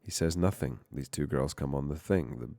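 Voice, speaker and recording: Deep gravelly streamer. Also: male voice, normal speed, dark tone, no room sound, clean studio sound. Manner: rambling, profane, self-interrupting. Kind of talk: casual live-stream chat while coding.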